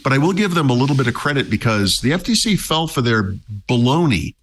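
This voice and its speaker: A man's voice: medium pitch, big pitch swings, brisk. A man talking casually as a tech podcast commentator, wry and chatty, with many fillers and restarts.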